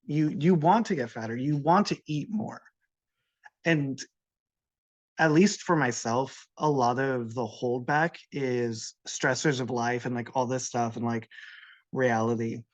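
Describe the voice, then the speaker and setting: A man who is a guest on a podcast, explaining things in a slow, measured, casual way. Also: mid-range voice.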